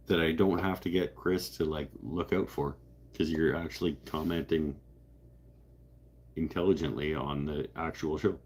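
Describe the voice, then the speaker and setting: Casting: deep, husky-voiced man, livestream host, rambling and joking. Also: a little mellow. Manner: rambling, joking, self-interrupting. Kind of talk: casual chat reading live comments.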